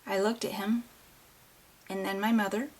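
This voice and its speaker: A woman's voice: mid-range voice, flat delivery, moderate pace. A woman reading a first-person novel aloud in an audiobook, with plain, unpolished delivery and small restarts. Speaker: audiobook reader.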